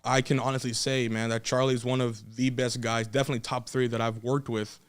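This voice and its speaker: A young man, a wrestler, telling a story in a casual podcast chat, animated and laughing often, acting out what others said. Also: mid-range voice, a little fast, smooth.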